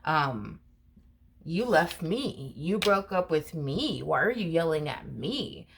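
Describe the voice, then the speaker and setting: A woman with a low voice talks viewers through a tarot reading in a loose, rambling way. She circles back on her points and leans on fillers as she goes. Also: big pitch swings, takes it slowly, vocal fry, slightly rough. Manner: chatty, repetitive, many fillers like "you know" and "um". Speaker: tarot reader. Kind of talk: casual tarot reading monologue.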